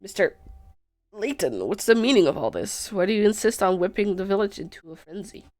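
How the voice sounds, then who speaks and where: A woman's voice: medium pitch, lively intonation, fairly quick, a little mellow, dry recording, lightly acted. A woman reading a pompous police inspector. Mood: indignant. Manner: reads game dialogue aloud, indignant.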